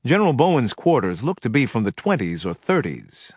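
A man reads a first-person crime thriller in a measured, dramatic way. His voice is husky and moves around a lot in pitch. The recording is dry and close, with no room sound. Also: very animated, darkish tone, no room sound. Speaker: audiobook narrator.

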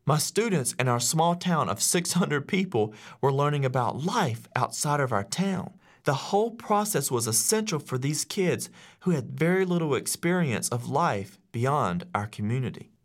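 A man who teaches, telling a story to an audience in an animated way and acting out the voices of the people in it. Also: mid-range voice, normal speed. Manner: animated, acts out quoted voices. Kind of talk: storytelling speech.

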